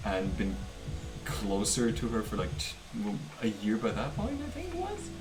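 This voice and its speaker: A man's voice: fairly low pitch, wildly swooping pitch, moderate pace, over music. Rambling man in an echoey room. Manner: joking, rambling storyteller. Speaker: livestream co-host. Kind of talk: casual chat while drawing.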